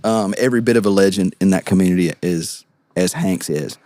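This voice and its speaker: A young man, a podcast guest and actor, telling stories in an animated, casual way with frequent laughs and quick asides. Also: low voice, no room sound. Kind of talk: casual storytelling.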